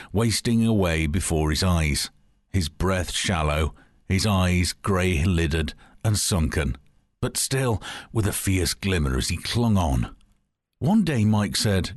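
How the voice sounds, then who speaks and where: A man telling a long joke as a story in a wry, measured way. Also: low-pitched, no echo, studio quality.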